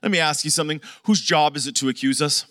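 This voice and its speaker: A middle-aged man preaching a sermon, animated and conversational, often asking the congregation questions. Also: on the high side, fast, dry recording, clean studio sound. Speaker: pastor.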